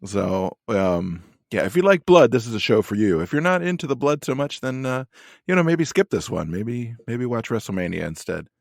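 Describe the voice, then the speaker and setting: A man's voice: medium pitch, big pitch swings, moderate pace, vocal fry, no room sound. A man co-hosting a podcast in casual chat, rambling with dry humor. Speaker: podcast co-host.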